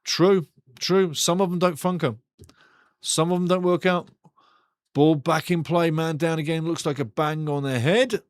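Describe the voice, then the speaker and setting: A man's voice: fairly high pitch, fairly even intonation, measured pace, no echo, studio quality. A man hosting a live football watch-along, chatting loosely with viewers and calling the play as it happens. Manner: chatty, rambling, banters with chat. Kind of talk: casual live match commentary.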